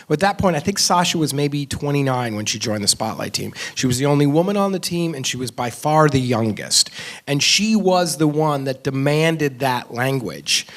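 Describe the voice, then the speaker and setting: A man, a filmmaker, talking earnestly about his film in an onstage conversation, pausing and restarting often. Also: mid-range voice. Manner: earnest, reflective, frequent restarts and fillers. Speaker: film director discussing his film. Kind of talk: onstage conversation before an audience. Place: stage at a film festival event.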